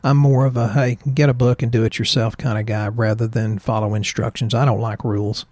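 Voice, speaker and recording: A man's voice: on the low side, flat delivery, fairly quick, a little mellow, no room sound. A middle-aged man hosting a casual health podcast, opinionated and jokey, telling anecdotes as he talks. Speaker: podcast host, chiropractor.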